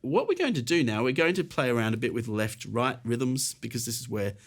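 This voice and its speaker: A man's voice: mid-range voice, animated, a little fast. A British man teaching an online piano lesson, encouraging and casual, explaining while counting and playing along. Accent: British English. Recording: faint piano music behind.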